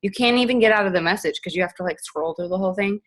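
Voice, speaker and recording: A woman's voice: medium pitch, rapid-fire. A young woman giving a chatty, upbeat coaching talk on a team call, acting out example messages. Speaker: direct-sales team leader.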